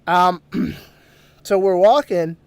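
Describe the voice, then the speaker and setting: A man hosting a podcast takes it slowly as he tells a ghost story in casual chat, swearing often, rambling, laughing and restarting sentences. His high-sitting voice is clear and resonant, and the recording is dry.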